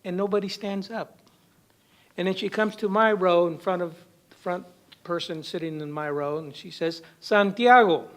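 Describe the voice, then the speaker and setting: A man with a fairly high voice tells a funny personal story to a symposium audience. He keeps checking in with a quick "okay?" as he goes. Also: steady tone. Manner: humorous anecdotal delivery with frequent "okay?" tags. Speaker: panelist. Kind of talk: storytelling panel talk. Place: university symposium hall.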